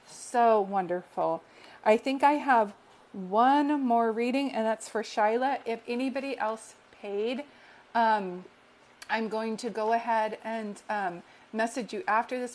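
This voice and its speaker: A woman's voice: on the high side, slight background noise. A woman working as a psychic medium, giving an affectionate, reassuring reading on a live stream and repeating affirmations earnestly. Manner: affectionate and reassuring, calls listeners sweetheart.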